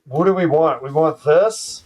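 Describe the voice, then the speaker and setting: A man's voice: a little high, a little slow, a little mellow, far from the mic. A man streaming a card game live, ranting and swearing in profane trash talk at his opponent. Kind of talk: live gameplay commentary.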